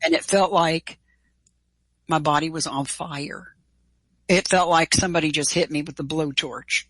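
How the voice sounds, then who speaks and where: A middle-aged woman telling a personal story in an interview, animated and casual, acting out quoted dialogue. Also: low-pitched, measured pace, no echo, low-quality recording. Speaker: guest.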